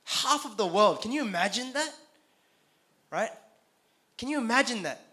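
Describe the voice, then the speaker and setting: A man preaching to a youth conference in a conversational, animated way, often checking in with the crowd. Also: very high-pitched, moderate pace. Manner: conversational, frequent "right?" tags, animated. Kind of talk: sermon. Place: conference hall.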